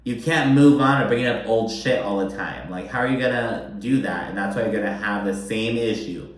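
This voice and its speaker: A man chatting casually through a reality TV recap, swearing freely and using lots of fillers. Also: normal speed. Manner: chatty, profane, heavy on fillers, mimics quoted people in a higher voice. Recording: very echoey room.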